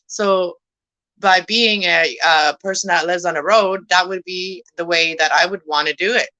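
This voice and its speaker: A woman's voice: fairly low pitch, moderate pace, bright, forceful tone, no echo, poor audio. A young woman casually chatting with her viewers while she cleans at home, rambling and laughing as she goes. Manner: rambling, talks to viewers by name, laughs often. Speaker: vlogger chatting with live viewers. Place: home room at night.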